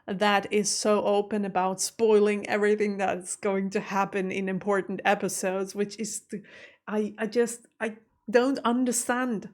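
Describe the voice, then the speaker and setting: A young adult woman hosting a TV reaction video, talking in a chatty, emotional and exclamatory way. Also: medium pitch. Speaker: reaction channel host. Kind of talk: casual reaction commentary.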